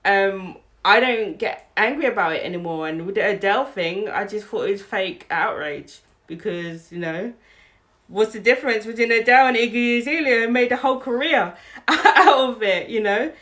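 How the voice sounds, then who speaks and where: A British woman talks in a relaxed, lively way as co-host of a chat podcast. Her pitch sits in a middle range. She laughs often while she argues her side. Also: moderate pace. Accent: British English. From Britain. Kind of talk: casual chat.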